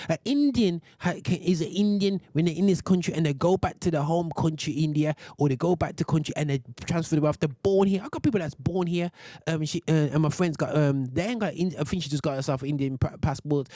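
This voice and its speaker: A British man hosting a radio show, ranting in heated commentary with many restarts and sudden high exclamations. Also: mellow, dry recording.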